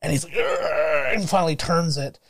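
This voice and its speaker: Co-host, young Canadian man, lively joking commentary, slightly high voice. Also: moderate pace, dry recording. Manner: animated, acts out quotes, laughs often. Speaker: podcast co-host. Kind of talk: casual movie commentary chat.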